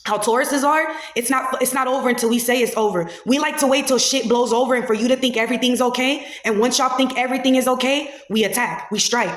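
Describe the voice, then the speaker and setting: A woman host, giving blunt, profane, heated reaction commentary in a casual podcast. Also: fairly high pitch. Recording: echoey room.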